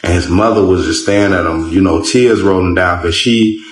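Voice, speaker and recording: Low-voiced man telling a rambling story. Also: fairly even intonation, moderate pace. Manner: rambling, full of fillers. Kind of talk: casual spoken storytelling. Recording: roomy echo.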